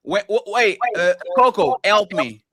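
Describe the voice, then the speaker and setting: A man's voice: high-pitched, lively intonation, a little slow, a bit bright. A man co-hosting a live stream debate, joking and provocative, often talking over the others.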